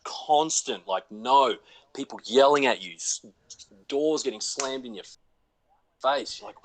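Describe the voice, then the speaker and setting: Speaking slowly with long pauses in a medium-pitched voice, an Australian actor chats casually as a guest via video call from home. He's relaxed and tells stories that poke fun at himself.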